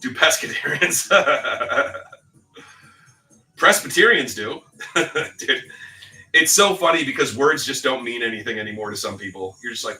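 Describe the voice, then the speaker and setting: A man's voice: mid-range voice, a little slow, bright, forceful tone, far from the mic, faint music behind, low-quality recording. A middle-aged man telling a story in a loose, joking, casual way, swearing now and then as host of a livestream. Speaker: livestream card-break host.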